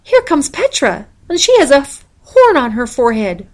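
A kind, gentle young girl from a storybook, soft and earnest, her voice lifting higher when stirred, as a woman reads her part aloud. She sounds young and sincere. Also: lively intonation, moderate pace, natural voice. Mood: excited.

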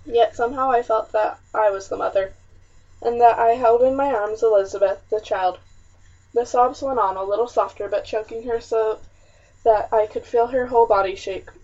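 A woman with a fairly high voice narrates a historical novel in the first person for an audiobook. Her reading is measured and expressive, though the recording sounds muffled and slightly distant.

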